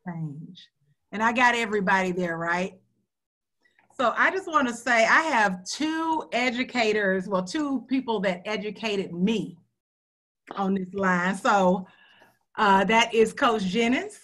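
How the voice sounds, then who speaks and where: A woman's voice: mid-range voice, animated, slow, fairly bright tone. A woman radio host, hosting a video call in a heartfelt, earnest way. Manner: heartfelt, earnest, near tears at times.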